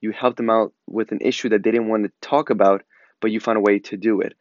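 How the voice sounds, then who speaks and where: Male host, lowish voice, earnest rambling advice talk, dry slightly muffled recording. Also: fairly even intonation, quick pace, no echo. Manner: earnest, repeats words, fillers "like". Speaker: podcast host. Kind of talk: casual advice monologue.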